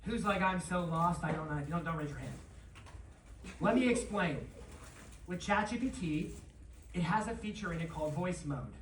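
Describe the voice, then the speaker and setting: An energetic conference presenter talks through a live seminar, turning to the crowd again and again. The voice comes from far off in a large, echoey room, with faint ambience underneath. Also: medium pitch, a little hiss or hum. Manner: energetic, animated, quick to address the crowd. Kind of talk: live seminar talk with audience interaction.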